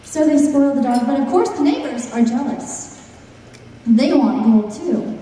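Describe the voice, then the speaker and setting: A young woman telling a folk tale live to an audience in a playful, animated way. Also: sits high, unhurried, slight background noise. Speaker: storyteller. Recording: echoey hall, mic far off.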